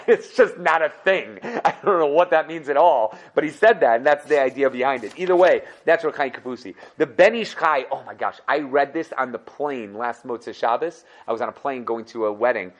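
A man teaching a casual Torah class, telling stories in an animated, conversational way. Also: medium pitch, brisk, hardly any pauses.

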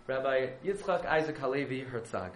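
A man who is a yeshiva rabbi, telling a story as a sermon, dramatic and surging from hushed to loud. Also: medium pitch, normal speed, echoey room, very noisy.

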